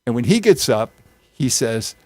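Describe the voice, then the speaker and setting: A man's voice: medium pitch, big pitch swings, normal speed, dark tone, dry recording. A man leading a casual group discussion and retelling a story, with acted quotes thrown in. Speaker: discussion leader.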